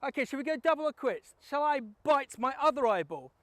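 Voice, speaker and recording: A man's voice: very high-pitched, big pitch swings, a little fast, fairly bright tone, no room sound, pitched above the performer's own voice, heavily acted. A man voicing a sly older gambler who talks in a polite, coaxing way. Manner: polite, coaxing, repeats "Mister Taxman". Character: sly older male gambler, calm and wheedling.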